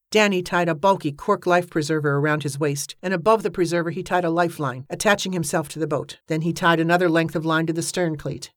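Female audiobook narrator, measured and steady, lower voice, dry close sound. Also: no echo.

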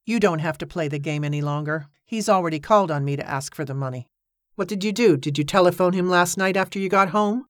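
A woman reading the part of a heartbroken man who speaks softly and bitterly. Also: medium pitch, quick pace, hardly any pauses, no echo, studio quality, natural voice. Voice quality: soft, sad and accusing.

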